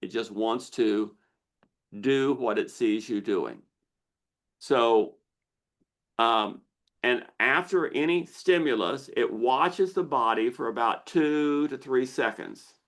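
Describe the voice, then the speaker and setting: A man hosting a live online Q&A, explaining slowly and deliberately with pauses as he shares slides. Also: mid-range voice. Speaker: misophonia researcher hosting a Q&A.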